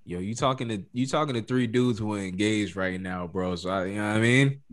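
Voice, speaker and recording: A man's voice: on the low side, brisk. A young man co-hosting a podcast, talking in a playful, slangy way with lots of laughter. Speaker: podcast co-host. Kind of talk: casual chat.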